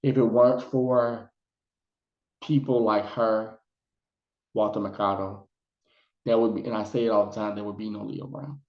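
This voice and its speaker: A man's voice: lowish voice, steady tone, moderate pace, pauses often. A man chatting casually in a video review, retelling scenes with lots of fillers. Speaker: psychic vlogger reviewing a documentary. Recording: roomy, dull lo-fi sound.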